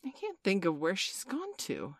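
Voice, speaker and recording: A woman's voice: medium pitch, normal speed, no echo, studio quality, voice pushed up. Peter Pan, a woman doing a cocky young boy. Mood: boastful. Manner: bright boyish storybook voice, lively and proud. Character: cocky merry young boy, boastful and impatient.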